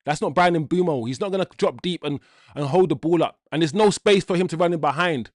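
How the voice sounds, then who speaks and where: Male watch-along host, frustrated rant full of curses, fairly high voice, dry close sound. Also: brisk, dry recording. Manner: exasperated ranting with frequent swearing; repeats himself while venting. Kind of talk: live football watch-along commentary.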